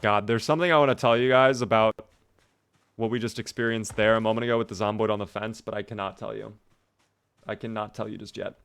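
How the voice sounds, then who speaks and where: A man's voice: fairly low pitch, steady tone, fast talker, fairly bright tone, clear, resonant tone, dry recording. A man giving casual, jokey live-stream commentary over a game, chatting with and thanking his viewers.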